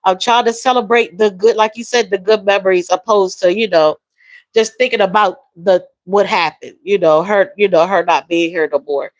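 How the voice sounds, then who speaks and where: A woman hosting a livestream, talking emotionally and softly with viewers, reading their comments and calling them y'all. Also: medium pitch, fairly even intonation, normal speed, no echo, rough recording. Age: adult with a young daughter. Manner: emotional, soft-spoken, repeats phrases, addresses viewers as y'all and baby. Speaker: livestream host.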